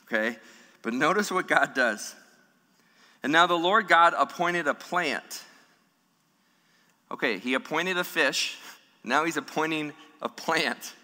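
Male pastor, sermon, bright ringing voice, fairly high, long hall echo. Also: slow, long pauses. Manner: animated, humorous, acts out scripture voices.

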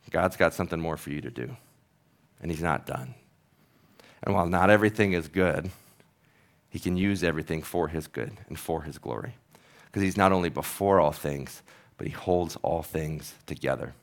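A man who is a pastor, preaching a sermon in an earnest, conversational, storytelling manner. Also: deep voice.

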